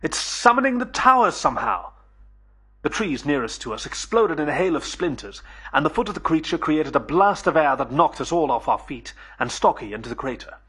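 A man narrating a first-person audiobook in a measured storytelling manner. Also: on the high side, lively intonation, breathy edge.

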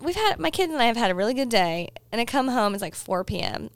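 A woman's voice: a little high, sing-song, quick pace, gravelly, dry recording. A woman in her thirties, co-hosting a casual chat, telling a story and quoting her kids' lines, with frequent laughs. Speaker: podcast co-host.

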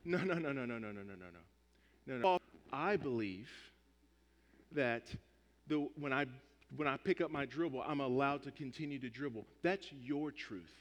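A man putting on a low, grumbling stubborn ball player. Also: a little slow, muffled recording, lightly acted. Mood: dismissive. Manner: low, muttering, dismissive. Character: stubborn male basketball player insisting on his own rules. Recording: long hall reverb.

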